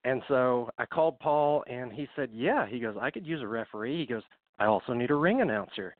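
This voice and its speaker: A podcast guest from Middle Tennessee spins wrestling stories over a call, his medium-pitched voice brisk and lively in intonation. The audio is dry and phone-like with no echo, and he comes across slightly winded and chatty, full of fillers.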